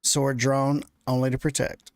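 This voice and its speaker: Casting: an excitable male tabletop player at a middle pitch, dry sound. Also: unhurried, no room sound. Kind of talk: describing actions in a tabletop game.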